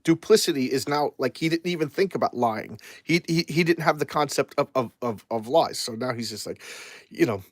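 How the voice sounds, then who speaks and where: A man's voice: mid-range voice, animated, a little fast, dry recording. Guy rambling through a comic review live, stumbles and repeats himself a lot, dry close sound. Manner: rambling, repeats words and restarts often.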